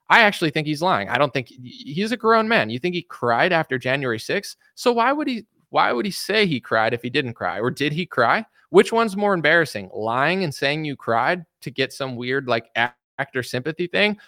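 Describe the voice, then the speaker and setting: A man's voice: a little high, pushed and bright, no echo, studio quality. Blunt, mocking male commentator. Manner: blunt, mocking, rambling with restarts. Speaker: political commentator. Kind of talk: casual opinion commentary.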